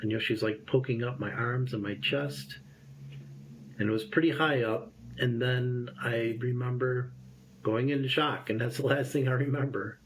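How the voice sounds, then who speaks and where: A man in his fifties, a guest telling a personal story in an interview, lively and acting out the voices he remembers. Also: mid-range voice, moderate pace, slight background noise. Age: 50s.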